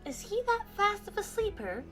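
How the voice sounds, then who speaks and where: A woman voicing a gentle, eager young goat boy who talks softly and squeals when excited. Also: very high-pitched, normal speed, over music, pitched above the performer's own voice. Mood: delighted.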